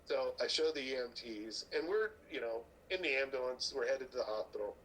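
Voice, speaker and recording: A man's voice: mid-range voice, fairly quick, slight background noise, rough recording. A middle-aged man, a strongman athlete guesting on a podcast, telling stories casually, acting out other people's lines and swearing freely. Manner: animated storyteller who acts out other people's lines; swears casually, laughs at his own stories. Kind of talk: casual storytelling chat.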